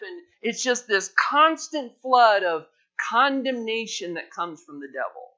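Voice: mid-range voice, very animated, measured pace, pushed and bright. A pastor preaching a sermon with fervent, emphatic exhortation. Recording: dull lo-fi sermon recording.

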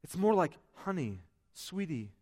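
A man's voice: fairly high pitch, sing-song, a little slow, warm tone. A male pastor preaching a sermon in a conversational way, full of asides and restarts. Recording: long hall reverb.

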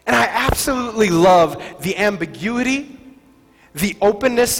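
A man's voice: high-pitched, lively intonation, normal speed, a bit bright. A male pastor giving a sermon in a conversational way, often asking the congregation "right?" and laughing lightly, in a church hall. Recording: reverberant hall with faint music.

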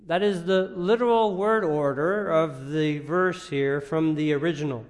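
A man's voice: fairly high pitch, unhurried, hardly any pauses. A man preaching a sermon as pastor, teaching earnestly and leaning on key points with rising emphasis. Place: church sanctuary. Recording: long reverb of a church hall.

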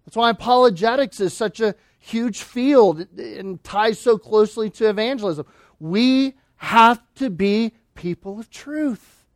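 A man preaching a sermon, emphatic, asking rhetorical questions and swinging between loud declarations and hushed asides. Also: sits high, no echo, studio quality. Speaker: pastor.

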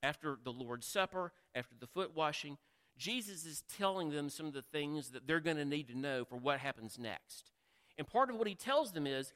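A man's voice: fairly high pitch, lively intonation, normal speed, a bit bright. A man preaching a sermon in a conversational way, asking the listeners questions and acting out the quotes. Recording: long reverb of a large hall.

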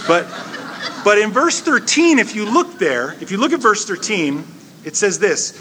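A man of about forty preaching a chatty, joking sermon, telling a story with lively humor. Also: high voice, measured pace, background noise. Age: 40s. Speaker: pastor. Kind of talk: conversational sermon.

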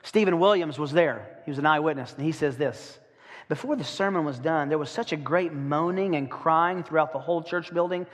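Guy preaching, kinda high voice, long echo like a big church hall. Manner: preaching with dramatic slowdowns. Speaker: pastor. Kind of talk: sermon.

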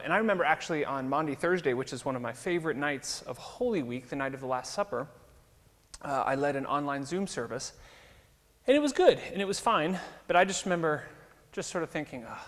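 A man in his thirties, a pastor, giving a conversational sermon with relaxed fillers. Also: medium pitch. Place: church hall. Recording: long hall reverb.

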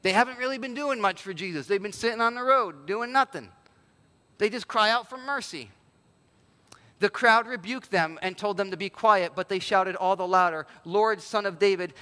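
High-voiced preacher in an echoing hall. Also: male voice, brisk. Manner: animated preaching, voices quoted figures, drops to near-whisper for emphasis. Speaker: pastor. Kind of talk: sermon. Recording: long hall reverb.

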